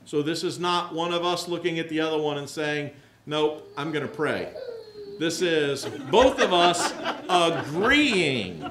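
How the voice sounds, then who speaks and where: A pastor with a slightly high, expressive voice preaches a conversational sermon a little slowly, barely pausing. He tells candid, self-mocking stories and acts out the voices of the people in them. The sound is reverberant, with a crowd audible in the background of the large rented hall where church services are held.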